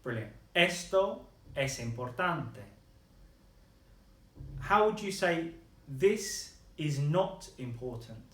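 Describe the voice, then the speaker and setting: A man's voice: on the high side, very animated, slow pace, pauses often, a bit bright, roomy sound. A man teaching a beginner language lesson, patiently modeling words and praising his student.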